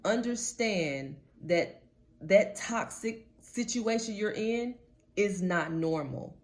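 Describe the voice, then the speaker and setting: A woman life coach speaks straight to the camera in a mid-range voice, taking it slowly with lively intonation. Her motivational talk is blunt and casual, and she keeps repeating her points for emphasis.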